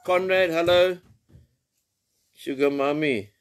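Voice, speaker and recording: A man hosts a joking live-stream show, teasing his guests, bantering, and laughing often. His voice is fairly high in pitch, smooth, and slow.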